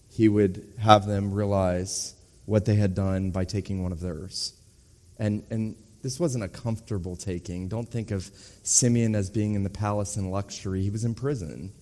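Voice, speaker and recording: A man's voice: fairly low pitch, normal speed, darkish tone. A middle-aged or older man preaching an earnest expository sermon that builds to emphatic urgency. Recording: reverberant hall.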